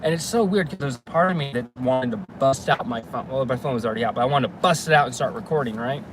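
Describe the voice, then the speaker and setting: A man's voice: medium pitch, quick pace. A young man telling a story casually while he drives, full of fillers and restarts. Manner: rambling, casual, many fillers. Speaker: vlogger. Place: car, driving. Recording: clear road and traffic noise.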